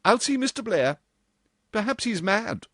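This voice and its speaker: A man's voice: sits high, big pitch swings, measured pace, a bit bright, dry recording, studio quality, pitched above the performer's own voice, full character voice. A man voicing an uncompromising middle-aged woman supervisor, clipped and stern.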